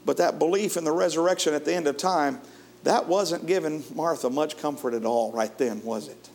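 Man, preacher, sermon, folksy, chuckling, slightly high voice. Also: normal speed, gravelly, a little hiss or hum. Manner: folksy, chuckles often, swings from lively to hushed.

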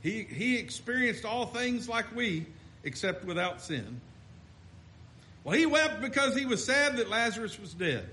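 A man's voice: high voice, very animated, measured pace, sharp tone, slight background noise. A man preaching a sermon, fervent and rising and falling, with frequent restarts.

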